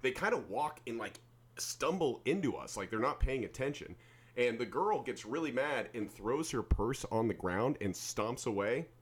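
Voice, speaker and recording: A man hosting a podcast, telling a bar-fight story in profane, animated casual chat, shouting out the quoted lines. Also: medium pitch, normal speed, husky. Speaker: podcast host.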